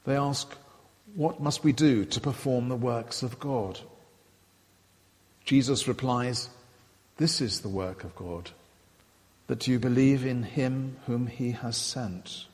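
A man giving a sermon, retelling and quoting scripture in a measured, reflective way. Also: medium pitch, a little mellow, long reverb tail. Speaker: preacher.

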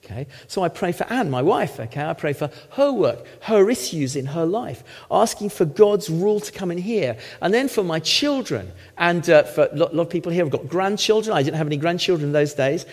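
A middle-aged man, a former lawyer, preaching a sermon with emphatic, animated teaching and frequent check-ins with the congregation. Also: on the high side, fairly quick, hardly any pauses. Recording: long hall reverb.

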